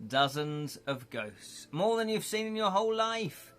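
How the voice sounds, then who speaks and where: Man, gamebook host and reader, jokey asides, crisp bright voice. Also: sits high, lively intonation, measured pace, a little hiss or hum. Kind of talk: reading a choose-your-own-adventure live.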